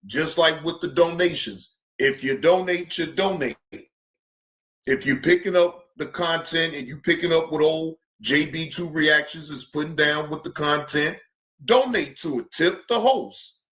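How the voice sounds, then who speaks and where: A man's voice: on the high side, fairly bright tone. A man hosting a live stream, talking bluntly and casually with plenty of profanity. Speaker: streamer host.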